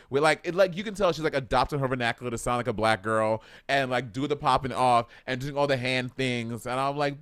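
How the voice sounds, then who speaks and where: A man from Saint Lucia, co-hosting a podcast, telling gossip in an animated, chatty way with quoted asides. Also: medium pitch, fairly quick, few pauses, no echo, clean studio sound. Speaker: podcast co-host. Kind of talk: casual chat.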